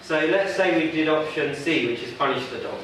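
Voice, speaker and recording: Speaking a little fast in a high-ish voice, this dog trainer runs a conversational workshop and quizzes the audience. The workshop room is echoey, he's recorded from a distance, and there's background noise.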